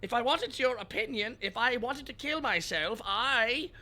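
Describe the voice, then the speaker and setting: A man voicing a regal, pompous crocodile villain king in a theatrical, drawn-out manner. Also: very high-pitched, bright, forceful tone, voice pushed up, heavily acted. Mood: haughty.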